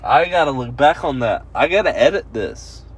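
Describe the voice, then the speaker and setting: A man's voice: mid-range voice, animated, normal speed, breathy edge. A man hosting a podcast in casual chat from a parked car, rowdy and profane, laughing often. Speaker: podcast host.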